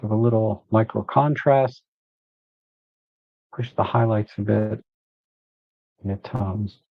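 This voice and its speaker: Man, live photo editing walkthrough, relaxed think-aloud, dull lo-fi sound, dry. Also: fairly low pitch, takes it slowly, no room sound.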